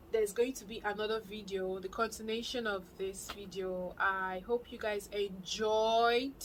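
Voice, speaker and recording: A young adult woman with a Nigerian accent, telling a personal story to her vlog viewers in a lively, excitable way. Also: medium pitch, a little hiss or hum, poor audio. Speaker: vlogger. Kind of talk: casual storytelling to camera.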